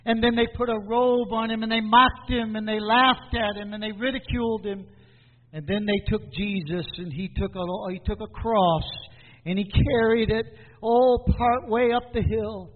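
A man preaching a sermon as pastor, with dramatic pauses and repeated questions. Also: sits high, steady tone. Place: church. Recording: tinny phone-like sound in a hall.

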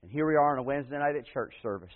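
A man preaching a sermon as pastor, telling a personal story in a folksy way, moving between loud emphatic passages and hushed slow ones. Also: medium pitch. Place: church. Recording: tinny phone-like radio broadcast in a big reverberant hall.

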